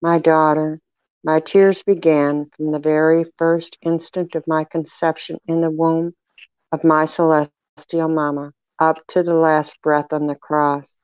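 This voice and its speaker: A reader voicing a sorrowful, tender Jesus in a devotional reading, with a measured, even delivery. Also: mid-range voice, smooth, no room sound, muffled recording, lightly acted. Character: sorrowful man speaking as Jesus, tender and grieving.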